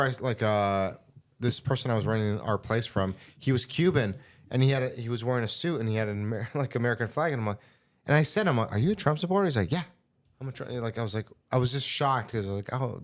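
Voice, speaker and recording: Guy hosting a podcast in the studio, animated, swears a lot, mid pitch. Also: fast. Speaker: podcast host. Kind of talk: casual chat.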